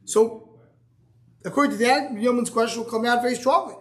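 Halting man teaching a Talmud class. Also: extremely high pitch, a bit bright. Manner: explains step by step, asks and answers himself; halting, restarts words. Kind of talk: live Gemara class.

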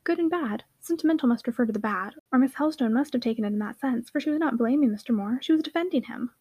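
A woman's voice: on the high side, fast, mellow, slightly rough, no echo. A woman voicing a serious little girl who speaks earnestly and steadily.

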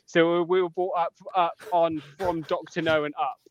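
A man's voice: a little high, little pitch movement, moderate pace, lo-fi sound, slight background noise. A British man co-hosting a podcast in casual chat, hesitant and repeating himself as he works through a point. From Britain. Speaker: podcast co-host.

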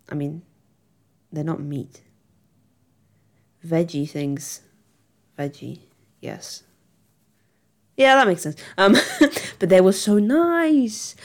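A woman's voice: medium pitch, darkish tone. A young woman, chatting casually to camera in a giggly, rambling, self-mocking way. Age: young adult. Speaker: vlogger.

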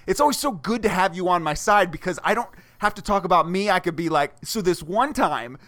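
A man's voice: high voice, fast, a bit bright. A young adult man hosting a podcast in casual comedic banter, playful and teasing, often slipping into silly voices. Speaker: podcast host.

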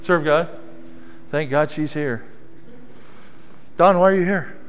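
A man's voice: fairly high pitch, slow pace, clean tone, highs cut off. A man preaching a sermon as pastor of a small church, playful and teasing members of the congregation by name. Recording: long hall reverb.

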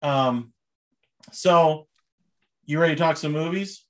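A man's voice: on the high side, slow. A young man co-hosting a casual podcast, chatting loosely about sports and movies and laughing often. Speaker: podcast co-host.

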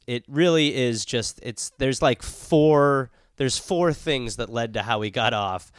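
A man bantering on a podcast in a wry, deadpan way. He talks at a middle pitch, and the mic is close and dry. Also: clear, resonant tone, no room sound. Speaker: podcast co-host. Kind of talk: casual chat.

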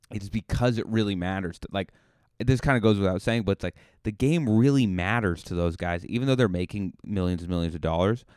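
Cape cod guy riffing on his podcast, lowish smooth voice, dry sound. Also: no echo. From Cape Cod, Massachusetts. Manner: joking, rambling, self-deprecating. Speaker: podcast host. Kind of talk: comedic monologue.

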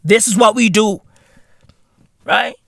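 A man, hosting a podcast in a brash, profane comedic rant, swinging from low mutters to shouts. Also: steady tone, slow pace, vocal fry, dry recording. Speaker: podcast host.

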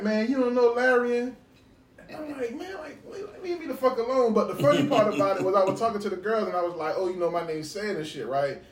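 Male co-host, rowdy storyteller, higher voice, mic a bit far off in a roomy room. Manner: animated, laughing, acts out dialogue. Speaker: podcast co-host. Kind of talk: casual storytelling chat. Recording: roomy, distant mic, faint ambience.

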